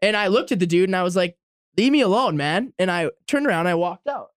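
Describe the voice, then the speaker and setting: A man's voice: high voice, lively intonation, quick pace, smooth, dry recording, studio quality. A young man casually telling a long, profane anecdote to friends on a podcast. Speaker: podcast guest storyteller. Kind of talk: casual storytelling among friends.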